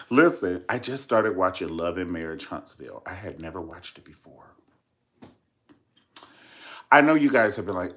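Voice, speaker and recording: A man talks straight to his followers in a casual gossip vlog, full of sass and profanity. His pitch swings all over the place, playful one moment and indignant the next, with "honey" sprinkled throughout. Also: animated, a little fast, fairly bright tone. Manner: sassy, dramatic, profane, says "honey" a lot. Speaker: vlogger host. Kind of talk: casual celebrity gossip commentary.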